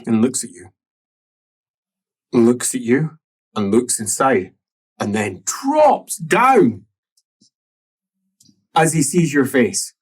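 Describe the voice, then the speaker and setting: A man narrating a tabletop role-playing game as game master, in a musing way that drops to soft murmurs. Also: medium pitch, very animated, takes it slowly, pauses often, breathy edge.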